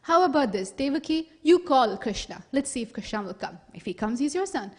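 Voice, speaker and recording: A woman's voice: high-pitched, animated, brisk, darkish tone, husky, long reverb tail, voice pushed up. A woman playing a male sage who stammers and hesitantly makes excuses, told as part of a spoken sermon story. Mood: coaxing. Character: flustered sage, male, sheepishly making excuses.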